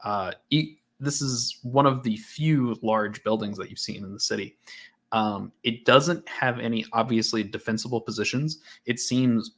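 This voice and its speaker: A man's voice: mid-range voice, a little slow. A man narrating a tabletop game as game master, casual, with many fillers and restarts.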